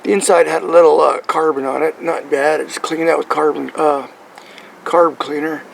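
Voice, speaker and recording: A man's voice: on the high side, steady tone, moderate pace, creaky, slight background noise, rough recording. A man casually explaining his truck engine while working on it, rambling and often checking in with "right?".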